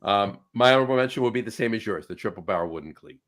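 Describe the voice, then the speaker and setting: A man co-hosting a craft beer show, chatting casually with halting restarts while he has the hiccups. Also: on the low side, animated, fairly bright tone. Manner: halting, restarts, laughs at himself. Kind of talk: casual chat.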